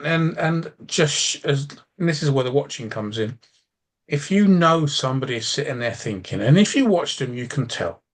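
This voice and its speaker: A man in casual podcast chat, blunt and unfiltered, swearing to make his point. He rambles and restarts sentences as he thinks aloud, at a middling pitch for a man. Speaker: driving instructor and coach.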